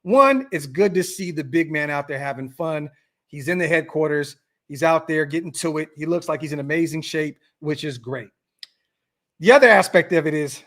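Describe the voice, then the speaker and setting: A man's voice: on the high side, a bit bright. A man hosting a casual sports podcast, talking animatedly to his viewers, often repeating himself and restarting phrases. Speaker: podcast host.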